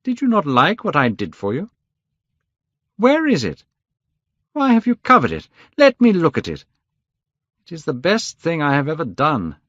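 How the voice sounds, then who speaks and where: A man plays a gentle, devoted painter, earnest and coaxing, his pitch raised and swinging widely. The sound is dull and dry, like a lo-fi home recording. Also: wildly swooping pitch, normal speed, long pauses, no room sound, full character voice.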